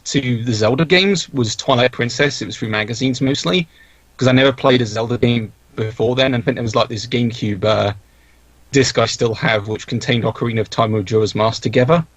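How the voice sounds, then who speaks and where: A young man who creates videos talks casually as a podcast guest, rambling with lots of restarts and fillers. His voice is mid-range with no room sound, captured on a dull, dry lo-fi mic.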